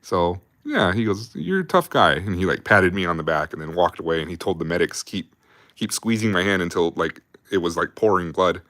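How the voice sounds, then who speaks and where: A man's voice: low voice, fairly quick, fairly bright tone, no echo, clean studio sound. A young adult man telling army stories on a livestream in a casual, rambling, profane way, laughing often. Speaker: livestream host.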